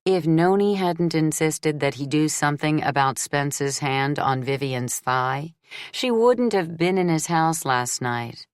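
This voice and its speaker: Woman reading a romance audiobook, low voice, steady and measured, dry close recording. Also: clean tone, dry recording. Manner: measured, steady storytelling delivery. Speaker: audiobook narrator. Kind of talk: scripted romance novel narration.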